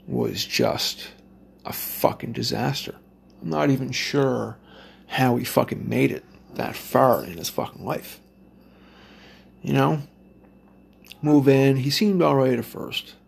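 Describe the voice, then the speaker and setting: A man's voice: medium pitch, unhurried, creaky, long pauses, slightly rough. A man casually telling a rambling personal story, swearing constantly. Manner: heavy swearing, rambling with restarts.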